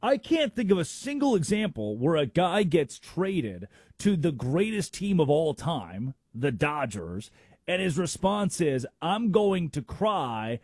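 A man's voice: a little high, very animated, measured pace, darkish tone, husky, no echo, clean studio sound. A man hosting a sports talk radio show, making emphatic arguments with rhetorical questions.

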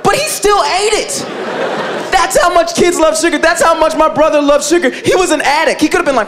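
A man doing stand-up comedy, telling a family story in an animated way, filling his talk with "like" and acting out his relatives. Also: very high voice, fast, crowd noise, background noise. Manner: animated, loads of "like" fillers, acts out family members.

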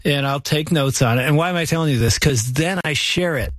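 A man's voice: fairly high pitch, fairly quick, fairly bright tone. A middle-aged man, a pastor, chatting casually on a podcast and acting out his own quoted remarks.

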